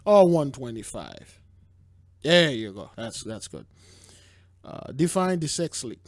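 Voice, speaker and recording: A man's voice: medium pitch, sing-song, slow pace, no room sound. A man talks through news clips in a loose, rambling way, tripping over words and sighing between thoughts. His voice sits mid-range and sounds close and dry, with no room around it. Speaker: host. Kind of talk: casual commentary on news clips.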